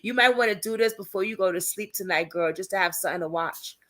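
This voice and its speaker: A woman hosts a relaxed live stream, talking straight to her viewers in informal, slangy speech. She reads their comments aloud and answers them, in a voice of middle pitch. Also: quick pace. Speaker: livestream host covering a criminal case.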